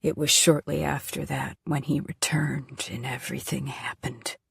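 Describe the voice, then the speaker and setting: A woman reading the part of a frail, sick middle-aged woman who tells her story in a weak, halting, tearful way. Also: very deep voice, fairly even intonation, vocal fry, slightly rough, no echo, clean studio sound, heavily acted. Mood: grieving. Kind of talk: audiobook character voice.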